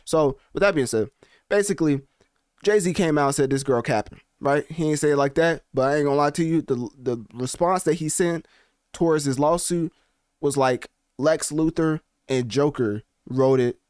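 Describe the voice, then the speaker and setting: A man's voice: fairly high pitch, normal speed, smooth, no echo, studio quality. Man casually chatting as podcast host. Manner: animated, conversational, slangy asides. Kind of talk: casual commentary. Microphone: podcast mic, also on video.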